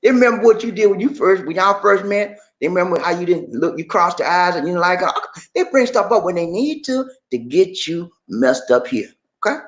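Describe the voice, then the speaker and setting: A man giving relationship advice on a live stream, preachy and animated, speaking straight to his viewers and acting out quotes. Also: sits high, brisk. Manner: acts out quoted voices in his talk.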